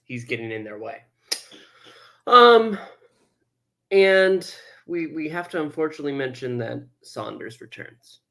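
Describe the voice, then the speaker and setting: Male co-host, fairly high voice, unhurried, halting delivery with dry asides. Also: expressive, creaky, bright, forceful tone. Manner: halting, lots of ums and uhs, dry asides. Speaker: movie review podcast co-host. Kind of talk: casual movie review chat.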